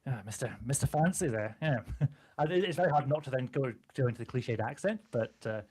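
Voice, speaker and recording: Lively man, laughing. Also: medium pitch, a little fast. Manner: animated, laughs often, slips into character voices. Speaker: guest game master. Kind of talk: casual chat about voice acting.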